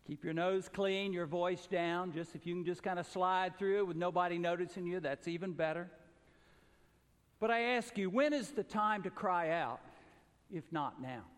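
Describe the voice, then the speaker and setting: An earnest male pastor from the American South delivers a sermon in a high-pitched voice, rising to emphatic calls and then sinking low and soft. His words ring out with the long reverb of a large church. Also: normal speed, clear, resonant tone.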